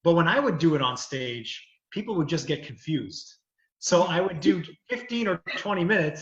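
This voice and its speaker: A man's voice: a little high, expressive, normal speed, roomy sound, rough recording. A man, a comedian and lawyer, chatting casually, rambling through stories with many filler phrases. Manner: rambling storytelling, many "you know"s. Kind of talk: casual chat.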